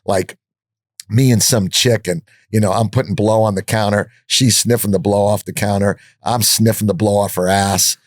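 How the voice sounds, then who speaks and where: An older man appears as a podcast guest, telling stories bluntly in a fairly low voice at normal speed. He swears freely and acts out the voices of people he quotes, and the sound is dry and close with no room around it.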